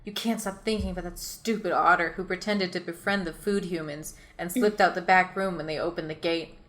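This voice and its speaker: Fast-reading woman narrating an adventure. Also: fairly low pitch, steady tone, a bit bright. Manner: rapid reading, often breaking into laughter at her own lines. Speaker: host and storyteller. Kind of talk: reading her own choose-your-own-adventure story aloud.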